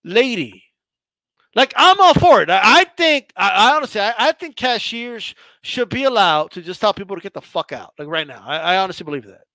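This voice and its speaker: Host, male, very high and bright voice, profane stammering rant, dry close sound. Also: very animated, a little fast, no echo. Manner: heated, profane, stammering restarts. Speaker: boxing channel host.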